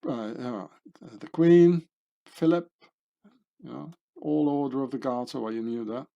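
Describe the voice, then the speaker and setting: A man's voice: medium pitch, normal speed, creaky, dark tone, muffled recording. A man giving casual commentary as he reads through a list of names, musing and rambling, trailing off with fillers and correcting himself. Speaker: video commentator.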